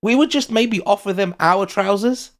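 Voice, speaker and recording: A British man, a foreign correspondent, chatting in a jokey, easygoing way over a remote call. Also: high voice. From United Kingdom. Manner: chatty and jokey, drawn-out laughs. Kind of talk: casual chat.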